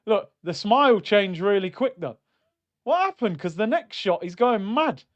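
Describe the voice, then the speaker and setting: A young man reacting live to a football match on stream, swinging between loud outbursts and low muttering. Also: very animated, normal speed. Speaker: watchalong streamer.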